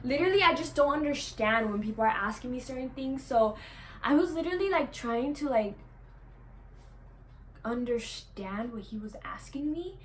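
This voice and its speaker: A woman's voice: sits high, normal speed, a little hiss or hum. Chatty young woman telling a story. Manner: chatty, peppered with "like" and swearing; acts out what others said in lively quoted voices. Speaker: vlogger. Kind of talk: casual storytelling to camera.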